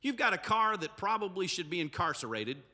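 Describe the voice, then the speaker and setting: A man's voice: high-pitched, very animated, fairly quick, bright, forceful tone, long reverb tail. A male pastor, preaching a humorous, emphatic sermon with asides to the congregation. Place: church sanctuary.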